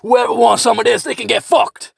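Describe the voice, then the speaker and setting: A man voicing a crazed older male war veteran who rants, curses and shouts from his bunker. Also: extremely high pitch, level tone, brisk, gravelly, breathy edge, no room sound, studio quality, voice pushed up, exaggerated voice. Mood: boastful. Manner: ranting, cursing, shouting.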